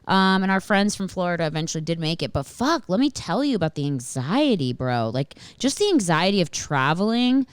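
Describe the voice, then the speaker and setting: A woman with a low, smooth voice hosts a podcast, telling a story in a loose, animated way full of swearing and fillers. She is close to the mic in a dry, dead room. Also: brisk, few pauses, no room sound. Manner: animated and profane, with frequent swearing and filler words. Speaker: podcast host. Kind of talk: casual storytelling monologue.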